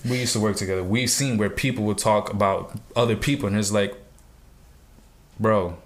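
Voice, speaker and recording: A young man with a fairly low voice talks frankly and casually, dropping slang and calling his friends bro. He speaks in an easy, conversational way. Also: steady tone, moderate pace, slight background noise. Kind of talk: casual chat.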